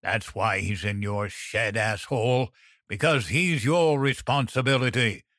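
A man's voice: fairly low pitch, unhurried, a bit bright, no echo, studio quality. A man voicing a brutal, threatening male crime boss who roars and growls. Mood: menacing.

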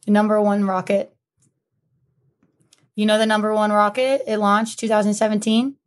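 A woman's voice: mid-range voice, level tone, moderate pace, lightly acted. A woman playing a needy, defensive date who whines and repeats herself in an improvised comedy scene. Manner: whiny, insistent, repeats herself.

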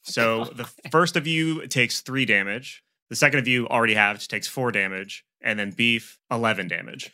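A man's voice: mid-range voice, moderate pace, few pauses, pushed and bright. A man who is a guest player in a tabletop game, describing his actions in a theatrical, jokey way.

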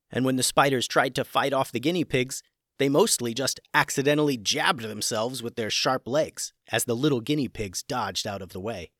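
Guy reading a kids adventure story, lively and dramatic, close dry mic. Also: mid-range voice, dry recording. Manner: animated, dramatic. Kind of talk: scripted children's story narration.

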